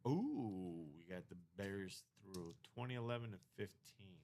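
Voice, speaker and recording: A man's voice: low-pitched, a little slow, slight background noise. A man hosting a live sports break stream, calling out teams and players and chatting casually. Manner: excited reactions to pulls. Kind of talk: casual chat while opening breaks.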